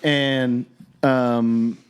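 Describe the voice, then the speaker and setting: A man's voice: mid-range voice, extremely slow, smooth. A man, co-hosting a podcast and telling a funny story in casual chat. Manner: animated, laughing storyteller. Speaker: podcast co-host.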